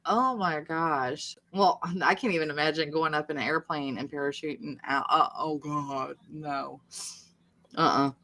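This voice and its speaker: A woman co-hosting a casual live stream, chatting and reading aloud, quick to exclaim. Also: low-pitched, pushed and bright. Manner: chatty, reacts with laughs and exclamations. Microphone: video call.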